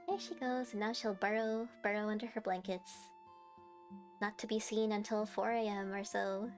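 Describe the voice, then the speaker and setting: A woman's voice: mid-range voice, steady tone, unhurried, pauses often, faint music behind. A young woman streaming live, chatting casually and giggling as she answers her chat.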